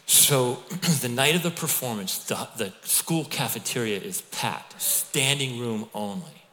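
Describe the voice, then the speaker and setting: A middle-aged man preaching a sermon as pastor, telling stories in a conversational, animated way with asides to the congregation. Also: mid-range voice, a little slow. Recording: long hall reverb.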